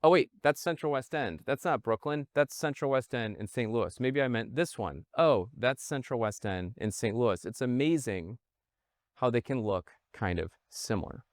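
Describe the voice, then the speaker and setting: An animated man pitches to investors, his pitch rising and falling in wide swings. The room sounds dry and close. He keeps tossing in "okay?" and talks to his audience as "guys.". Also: moderate pace, dry recording. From Midwest United States. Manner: animated, punctuates with "okay?", addresses viewers as "guys". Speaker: real estate investor pitching a fund. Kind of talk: presentation to investors.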